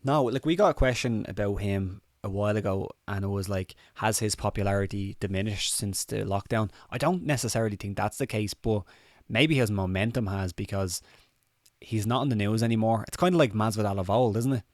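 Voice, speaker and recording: A podcast co-host with a slight cold joins a casual live chat, loose and sweary and laughing often. His voice is fairly low and a little fast. The audio is studio quality with no room sound.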